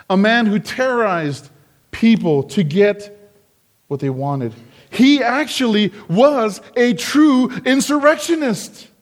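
A man with a fairly high voice preaching a verse-by-verse sermon. He speaks slowly and deliberately, leaning into emphatic lines when he quotes the crowd. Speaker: pastor. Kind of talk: expository sermon.

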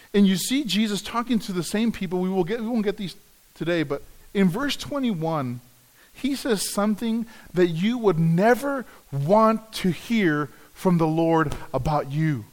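A man's voice: high voice, lively intonation, moderate pace. A man preaching a sermon, earnest, often repeating words as he restarts a phrase. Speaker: pastor.

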